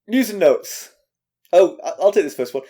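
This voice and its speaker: A man's voice: high-pitched, animated, moderate pace, dark tone. Wry, hesitant male podcast co-host. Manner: wry, hesitant, many restarts. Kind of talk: casual podcast chat.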